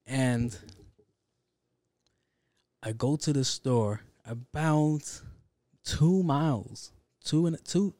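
A podcast host telling a story in a casual, rambling, profane and joking way, speaking into a studio mic. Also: male voice, medium pitch, warm tone, no echo. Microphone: handheld studio mic.

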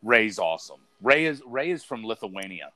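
A man in a casual chat, telling an animated story full of fillers and the word dude. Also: fairly low pitch, normal speed, dry recording.

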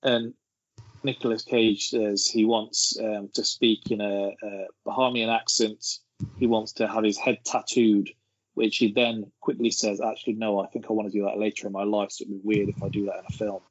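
A man's voice: lowish voice, level tone, moderate pace, dry recording. A man, rambling through an anecdote in casual podcast chat. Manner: rambling storyteller, laughing as he tells it. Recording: dull lo-fi sound.

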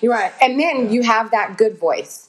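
A woman guest on a podcast, talking in a casual, animated, emphatic way, preaching about self-healing and swearing casually. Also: fairly high pitch, measured pace.

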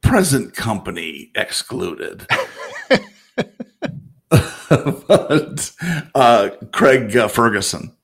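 A man's voice: mid-range voice, sing-song, drawn-out words, creaky, long pauses, breathy edge. A man co-hosting a podcast, chatting casually with lots of fillers, restarts and chuckles. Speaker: podcast co-host. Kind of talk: casual chat.

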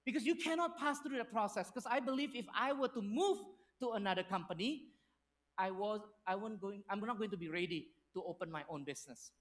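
Storytelling pastor preaching. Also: male voice, high-pitched, fairly quick. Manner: storytelling with lively acted-out quotes, non-native phrasing. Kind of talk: sermon.

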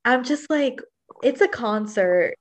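A woman's voice: a little high, lively intonation, slow. A young woman co-hosting a podcast, chatting casually and backing up her friend. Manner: supportive listener, frequent backchannels. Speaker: podcast co-host. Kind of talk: casual chat.

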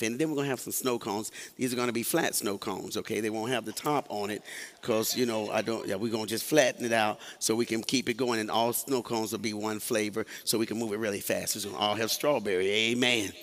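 A man's voice: fairly low pitch, fairly even intonation, fairly quick, a bit bright. A pastor preaching a sermon to his congregation in a church, folksy and joking, with asides and call-and-response. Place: church sanctuary. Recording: long hall reverb.

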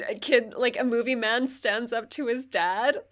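A playful woman chatting about a film with a friend, her voice sitting a little higher than most. She giggles through her points and tosses in quick mock voices for the characters. The talk is loose and unscripted. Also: fairly even intonation, a bit bright. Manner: giggly, playful, slips into jokey impressions. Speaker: podcast co-host. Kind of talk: casual chat reviewing a movie.

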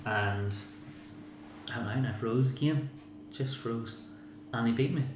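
A man's voice: medium pitch, unhurried. A man with a Northern Irish accent, a former boxer speaking frankly and a bit rambling in a casual interview, repeating himself and swearing now and then. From Northern Ireland. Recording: echoey room with noise.

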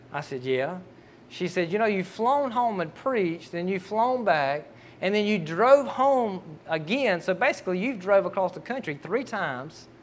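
Folksy preacher, high voice. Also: male voice, fairly bright tone. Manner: folksy storytelling, acts out quoted dialogue. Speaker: pastor. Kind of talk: sermon with personal story.

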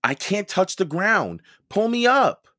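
A man's voice: a little high, expressive, takes it slowly, vocal fry, sharp tone, dry recording, clean studio sound, voice pushed up, full character voice. A man voicing a cautious, anxious young boy in a children's storybook reading.

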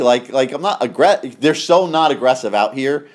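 A man co-hosting a casual podcast, speaking at a middle pitch. He tells stories in a blunt, assertive way. His talk is loose and conversational. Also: lively intonation, moderate pace. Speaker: podcast co-host. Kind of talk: casual chat.

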